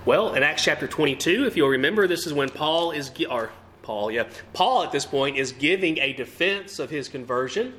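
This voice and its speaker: Male preacher, fairly high voice with wide swings, questioning his flock; faint room hum behind. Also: lively intonation, moderate pace, pushed and bright. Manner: asks the congregation questions, emphatic rising and falling delivery. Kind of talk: sermon.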